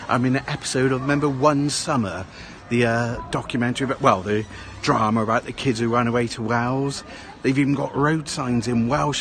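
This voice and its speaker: A man's voice: medium pitch, fairly bright tone. A man talking casually as he walks through a small town outdoors, rambling and tacking "eh?" onto his remarks. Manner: rambling chatter with tag questions. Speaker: vlogger. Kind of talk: casual walking vlog.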